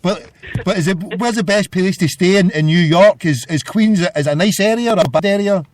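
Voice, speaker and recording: A man's voice: sits high, fairly quick, a little hiss or hum. A Scottish man hosting a call-in radio show, rambling and jokey, with a lot of stumbling restarts. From Scotland. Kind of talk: casual call-in radio chat.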